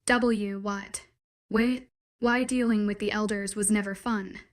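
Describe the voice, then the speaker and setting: A woman narrating a first-person werewolf story in a measured, dramatic inner-monologue style. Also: mid-range voice, steady tone.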